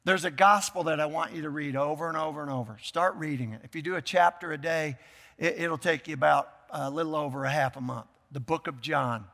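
A man's voice: a little high, a little fast, creaky, in a large hall. Older male pastor preaching with emphatic bursts. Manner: emphatic, repeats key phrases, bursts into shouts. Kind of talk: sermon. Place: church sanctuary.

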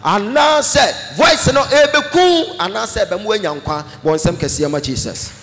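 A Ghanaian man preaching a sermon, animated, mixing Twi with English phrases and breaking into shouts. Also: high voice, measured pace, in a large hall. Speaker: pastor.

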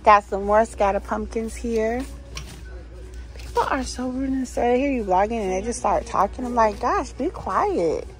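A woman's voice: a little high, normal speed, low-quality recording. A woman vlogging casually as she walks through a store, chatting and gushing over holiday decor and reading signs aloud. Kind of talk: casual shop-along vlog. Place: inside a store.

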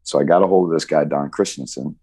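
A man in his sixties, a football coach telling stories in an interview, animated and full of restarts. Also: extremely low pitch, fast talker, husky. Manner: animated anecdotal storytelling with frequent restarts. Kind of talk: storytelling interview answer.

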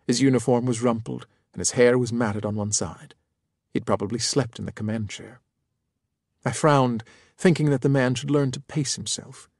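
A man reading an audiobook in first person with measured, even storytelling from a close studio mic. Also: medium pitch, vocal fry, dry recording. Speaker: audiobook narrator. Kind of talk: scripted first-person narration.

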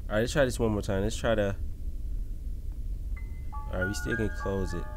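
A man hosting a gaming channel, giving casual, slangy commentary on a mobile horror game, swinging from low mumbling to sudden shouts. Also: fairly even intonation, normal speed. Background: background game music.

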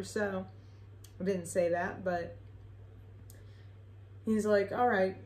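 A young woman tells a story in a loose, chatty way, leaning on fillers and swearing without a second thought. Her pitch sits in an ordinary middle range. The room has a noticeable echo around her voice. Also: fairly even intonation, slow pace, long pauses, darkish tone. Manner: chatty, rambling, swears freely, filler-heavy. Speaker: vlogger. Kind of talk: casual storytime. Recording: echoey room.

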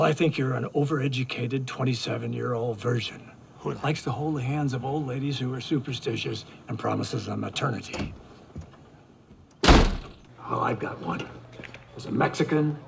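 An actor playing a gruff, bigoted older war veteran who growls threats and insults. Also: male voice, mid-range voice, normal speed, a little hiss or hum, close to an everyday voice. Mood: menacing. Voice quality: gravelly growl. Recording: film audio with loud music.

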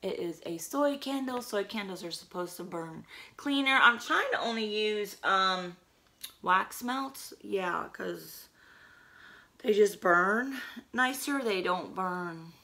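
Hoarse, chatty middle-aged woman vlogger with a gravelly, bright voice, casual haul talk. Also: medium pitch, expressive, slow pace. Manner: chatty, rambling with fillers.

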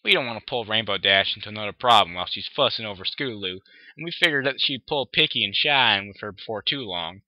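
A man's voice: fairly low pitch, animated, fast talker, dry recording, lightly acted. A man reading aloud, voicing a plainspoken, folksy farm pony mare, recorded dry and dull. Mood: assuring. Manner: folksy, assuring.

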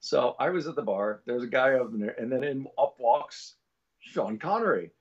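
A man's voice: medium pitch, expressive, moderate pace, slightly rough. Male voice actor spinning a loose anecdote on a muffled, dull-sounding track. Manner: rambling, with many fillers and restarts. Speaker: voice actor guest. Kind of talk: storytelling anecdote.

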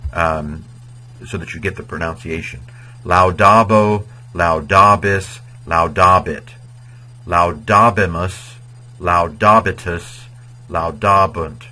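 A man's voice: low voice, sharp tone, a little hiss or hum, low-quality recording. A man teaching Latin grammar in an informal video lecture, chatty and digressive, sometimes chanting verb endings in a sing-song rhythm. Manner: chatty and digressive, with many fillers.

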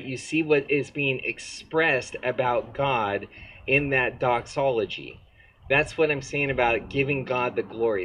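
A man's voice: mid-range voice, bright, forceful tone, low-quality recording. A male pastor preaching a conversational sermon at an outdoor service, asking the crowd questions as he goes.

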